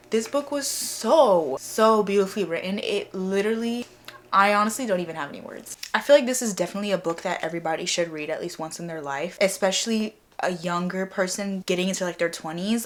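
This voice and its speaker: A young woman chatting casually in a reading vlog, gushing and excitable, full of repeats and fillers. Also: lowish voice, slight background noise. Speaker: book vlogger.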